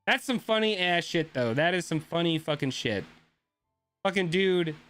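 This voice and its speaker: A man's voice: fairly high pitch, lively intonation, normal speed, a bit bright, faint music behind. A young man streaming a game, ranting casually and swearing a lot as he talks to his chat. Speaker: gaming streamer.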